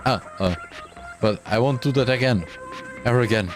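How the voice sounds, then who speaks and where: A man's voice: mid-range voice, moderate pace, music in the background, natural voice. A man voicing a frightened young male wrongdoer who stammers and pleads, reading game dialogue aloud. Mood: stammering.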